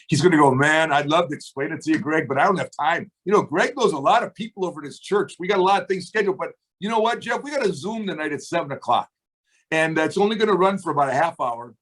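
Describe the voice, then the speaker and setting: A man with a fairly high voice leads a team meeting over a video call. He teaches in an emphatic, motivational way, throwing rhetorical questions at his listeners and acting out both sides of phone calls. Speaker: business trainer on a team call. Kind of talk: motivational coaching talk.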